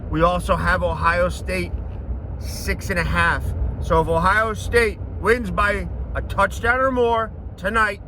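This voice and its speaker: High-voiced hyped sports betting host. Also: male voice, fairly even intonation, unhurried, background noise. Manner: hyped, breaks into shouted chants. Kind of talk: casual sports betting commentary.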